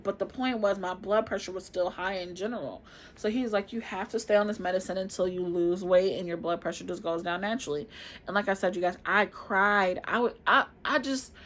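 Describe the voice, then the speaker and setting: Chatty woman in her twenties vlogging. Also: mid-range voice. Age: 20s. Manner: chatty, expressive, addresses viewers as y'all. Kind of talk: casual storytelling to camera.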